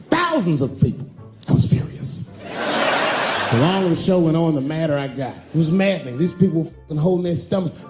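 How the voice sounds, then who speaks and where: A middle-aged male stand-up comic tells a profane story in a lively voice that jumps up and down in pitch. The sound is roomy and echoey, with faint music in the background. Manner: animated, profane, acts out quoted voices. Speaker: stand-up comedian. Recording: live stage recording, roomy echo, faint music.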